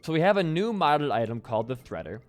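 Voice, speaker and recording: A young gaming YouTuber gives casual, rambling, self-deprecating gameplay commentary and swears often. He talks fast in a fairly high, sing-song voice, with faint music in the background.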